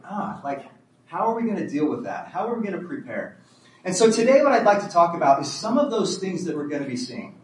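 A man telling a story to an audience in an animated way, acting out quotes and chuckling as he speaks. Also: on the high side, slight background noise. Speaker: speaker at a homeschool community event. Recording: roomy, distant mic, faint ambience.

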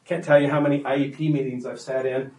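A man's voice: medium pitch, little pitch movement, fast talker, darkish tone, far from the mic. Man teaching parents in an echoey room. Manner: conversational, emphatic, checks in with "okay?". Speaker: parenting workshop presenter. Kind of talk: workshop talk to parents.

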